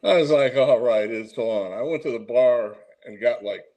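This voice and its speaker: A man guest recounting stories in a relaxed, anecdotal way, laughing as he goes. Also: mid-range voice, moderate pace, low-quality recording. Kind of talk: casual storytelling chat.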